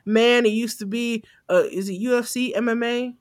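A young woman co-hosting a podcast, talking in a blunt, animated, profane way, often laughing. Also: fairly high pitch, normal speed. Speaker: podcast co-host. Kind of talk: casual chat.

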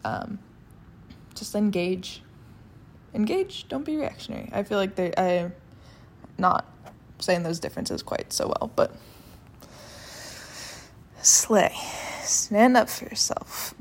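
A young woman vlogging casually, sassy and animated, with lots of fillers and restarts, sweaty after being active. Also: lowish voice, takes it slowly, long pauses, a little hiss or hum. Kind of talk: casual talking-to-camera rant.

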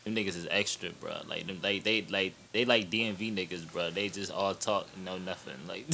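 A laid-back man in casual podcast chat, slangy and quick to laugh. His voice sits on the low side but sounds bright and forceful. A faint hiss runs behind him. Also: fairly even intonation, vocal fry.

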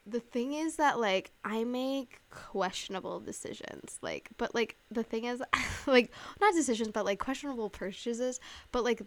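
A twenty-something woman hosts a casual chat podcast. She tells her story in a loose, expletive-laden way, fills it with "like", and acts out her own reactions with sudden high squeals. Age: 20s. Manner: animated storytelling, heavy use of "like" and swearing; acts out her own past reactions with big jumps in pitch. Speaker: podcast host.

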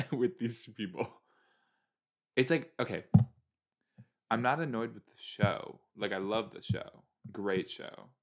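A man in his early twenties chatting casually as he reacts to a TV episode, exasperated and talking back at the screen. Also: on the low side. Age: early 20s. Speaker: show reaction host.

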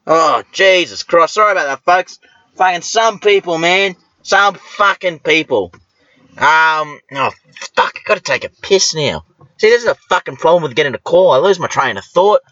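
A man's voice: fairly high pitch, animated, moderate pace, sharp tone, dry recording, highs cut off. Foul-mouthed rambling man. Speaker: podcast host. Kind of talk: crude comedic monologue.

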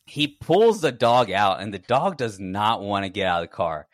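A man's voice: lowish voice, expressive, moderate pace, dry recording, studio quality. A man co-hosting a podcast, telling a long story in casual chat and acting out his own reactions. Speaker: podcast co-host.

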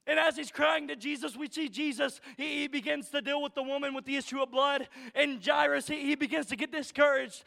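A man preaching in a church sanctuary, his voice very high and bright with a gravelly edge. He builds phrase by phrase into shouted emphasis, repeating his lines in a steady cadence, and now and then gets choked up. The sound rings with long reverb from the hall. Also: a little fast, hardly any pauses. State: choked up with emotion at times. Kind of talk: sermon.

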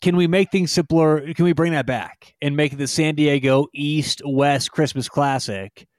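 A playful man running a segment on a casual sports podcast from a remote home mic. His voice sits somewhat high for a man, and the sound is dry and close. He teases his co-host and pitches silly ideas with a grin in his voice. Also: steady tone, normal speed, no echo. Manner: playful, jokey, leads the questions. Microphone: remote call, home microphone.

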